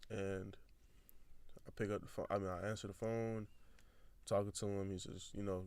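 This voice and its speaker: Give me a young man with a lowish voice telling a lively story as a podcast guest. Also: moderate pace, long pauses, clean tone. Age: young adult. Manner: animated, acts out quoted dialogue. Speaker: guest, football recruit. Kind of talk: casual storytelling.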